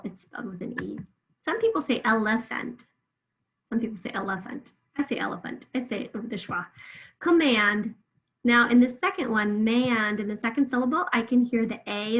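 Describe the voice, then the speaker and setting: A woman teaching a remote phonics lesson, patiently drawing words out slowly so listeners can hear each sound. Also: a little high, a bit bright, poor audio.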